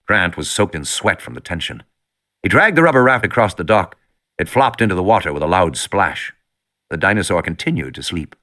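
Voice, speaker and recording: Lively bright-voiced male audiobook narrator. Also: on the low side. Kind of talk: scripted narration.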